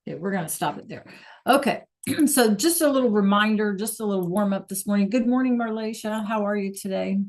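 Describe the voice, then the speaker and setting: A woman's voice: mid-range voice, fairly quick. A woman teacher talking casually to students in a live online class, chatty, with fillers. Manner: chatty, with fillers and throat-clearing. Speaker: Spanish teacher.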